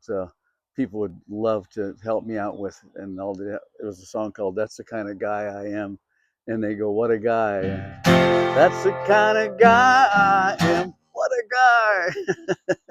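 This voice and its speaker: A man's voice: lowish voice, darkish tone, no echo. A middle-aged man from Minnesota, a country singer and host, telling a story in a chatty, self-amused way with lots of fillers. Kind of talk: casual storytelling to camera.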